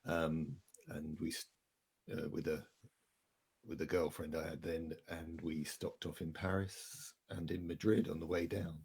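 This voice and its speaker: Male, deep gravelly husky voice, hesitant relaxed chat. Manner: hesitant, relaxed, many pauses. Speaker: guest. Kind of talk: casual online group chat.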